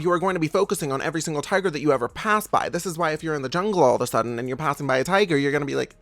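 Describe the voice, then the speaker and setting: Fast-talking, gravelly-voiced man. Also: a little high, expressive, fairly bright tone, no echo. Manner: emphatic and blunt, with frequent "okay?" tags and casual swearing; calls the listener "babes". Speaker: manifestation coach, channel host. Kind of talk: casual motivational talk to camera.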